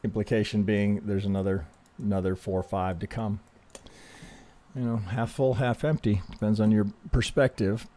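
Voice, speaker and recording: A man's voice: lowish voice, fairly even intonation, moderate pace, mellow. Guy going over trading charts, chill and reassuring, lots of restarts and "right?". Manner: conversational, frequent restarts, ends thoughts with "right?". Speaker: trading analyst host. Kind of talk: casual chart analysis commentary.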